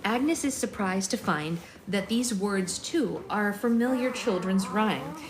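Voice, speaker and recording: A woman's voice: mid-range voice, animated, measured pace, crowd noise. A woman hosting a book club, reading a novel aloud steadily with chatty asides. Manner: reads steadily, voicing characters, chatty asides. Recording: roomy room echo.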